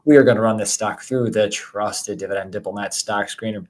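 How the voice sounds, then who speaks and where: A man co-hosting a dividend investing show in casual chat, energetic and jokey, talking straight to viewers. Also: fairly low pitch, a little fast, low-quality recording.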